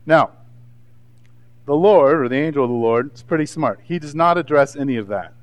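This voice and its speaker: Male pastor, 30s, lively conversational sermon delivery, slightly higher voice. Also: normal speed. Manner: animated, conversational preaching with voiced asides.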